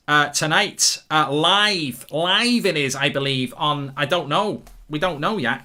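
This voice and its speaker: A man from England hosting a live football watchalong, rambling excitedly and reading viewer messages aloud. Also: on the high side, measured pace, hardly any pauses. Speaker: host.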